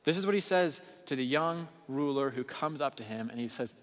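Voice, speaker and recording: A man's voice: fairly high pitch, lively intonation, normal speed, hardly any pauses. Earnest preacher man in echoing hall. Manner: earnest, builds from quiet intensity to raised emphasis. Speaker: pastor. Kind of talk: sermon. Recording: long hall reverb.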